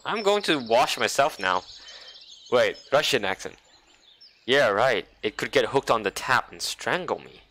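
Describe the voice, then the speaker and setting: A man's voice: medium pitch, very animated, measured pace, bright, forceful tone, a little hiss or hum. A man reading a visual novel aloud as a let's play host, dropping wry, sarcastic asides. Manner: wry, sarcastic, playful commentary.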